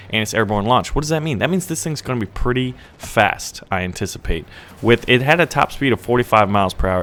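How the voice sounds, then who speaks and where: A young man talking over gameplay as a channel host, chatty and excitable, rambling and often checking in with "right?". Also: medium pitch.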